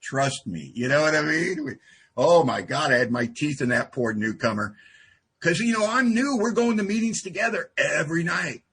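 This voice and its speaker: A man's voice: fairly high pitch, a bit bright, breathy edge. A man speaking at a support group meeting, telling a personal story with self-deprecating, wry humor. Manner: self-deprecating, wry, acts out quoted exchanges.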